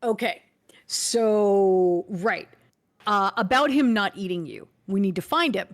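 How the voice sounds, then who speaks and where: A woman at a middling pitch, speaking in character at a tabletop game. She is earnest and pleads her case, at times hesitating over fillers while she thinks. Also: slow. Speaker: player. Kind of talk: in-character tabletop role-play.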